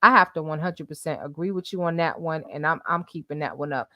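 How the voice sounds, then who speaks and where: Animated woman hosting commentary. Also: sits low, quick pace, no echo, clean studio sound. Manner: animated, emphatic repetition, laughs often. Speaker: commentary show host. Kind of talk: livestream commentary.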